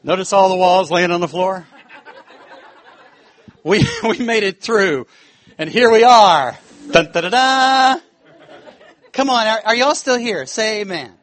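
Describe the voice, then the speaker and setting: A man's voice: high voice, measured pace, pauses often. A man preaching a sermon in church, telling a story with laughter and acting out the voices in it. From United States. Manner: animated, laughing, acts out quoted voices.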